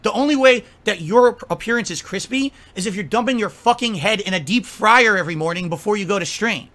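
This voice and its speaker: A man's voice: high voice, a little fast, sharp tone. A man delivering an angry, profane rant, scolding and mocking someone at length. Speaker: streamer.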